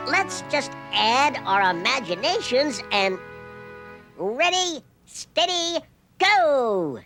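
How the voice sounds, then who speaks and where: A chirpy little cartoon dragon. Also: female voice, high-pitched, big pitch swings, takes it slowly, fairly bright tone, soft background music, full character voice. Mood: cheerful. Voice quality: chirpy, bouncy delivery. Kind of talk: educational cartoon acting.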